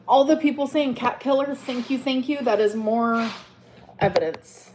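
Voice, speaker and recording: A woman in her thirties ranting angrily in a vlog, profane and heated, swinging between loud outbursts and low mutters. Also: normal speed. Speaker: vlogger.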